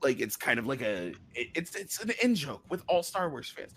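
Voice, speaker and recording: A man co-hosting a casual review chat, excitable, restarting his sentences and getting loud when worked up. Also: mid-range voice, moderate pace, a little hiss or hum. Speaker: co-host.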